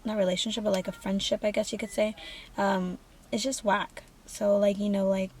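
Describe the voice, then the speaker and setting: A woman's voice: medium pitch, level tone, normal speed, a little mellow. A young woman in a casual vlog, talking candidly and profanely with many fillers. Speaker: vlogger. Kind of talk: casual get-to-know-me vlog.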